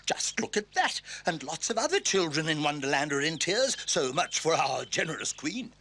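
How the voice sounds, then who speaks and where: A man voicing a prim, scolding male caterpillar in an animated dub, fussy and lecturing. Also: fairly high pitch, moderate pace, full character voice. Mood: disgruntled. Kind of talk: animated series dub acting.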